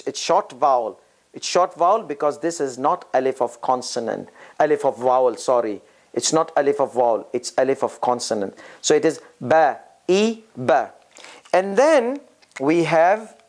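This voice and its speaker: A teacher giving a step-by-step lesson on reading, sounding out syllables one by one and thinking aloud with pauses and restarts. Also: medium pitch, a little mellow. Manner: drills syllables aloud, repeating each sound slowly.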